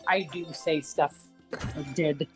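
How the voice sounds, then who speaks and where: A woman's voice: deep voice, fairly even intonation, slow, soft background music, poor audio. A woman joining a stream chat, blunt and teasing. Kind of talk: casual chat.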